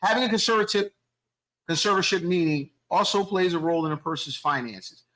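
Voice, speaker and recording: A man co-hosting a podcast, explaining in a measured way during a casual debate, with a wry edge. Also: high-pitched, a bit bright, poor audio. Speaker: podcast co-host.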